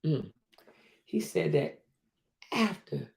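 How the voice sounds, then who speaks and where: Animated woman with a gravelly voice. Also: deep voice, very slow. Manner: animated and emphatic, with frequent restarts and repetition. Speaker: host of a livestream show. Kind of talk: casual livestream commentary, reading viewer comments.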